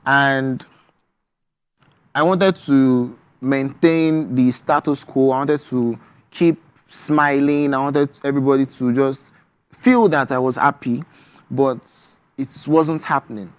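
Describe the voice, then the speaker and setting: A young man with a Nigerian English accent, a guest author talking about his poetry on a morning TV show in a measured, reflective way. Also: medium pitch, steady tone, smooth, dry recording. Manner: measured, reflective, with frequent ums. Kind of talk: TV interview, reading his poetry.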